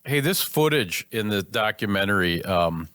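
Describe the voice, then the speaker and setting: A man's voice: fairly low pitch, expressive, normal speed, fairly bright tone, dry recording, clean studio sound. A man hosting a hockey podcast, asking eager, enthusiastic questions like a devoted fan. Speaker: podcast host. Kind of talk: conversational interview.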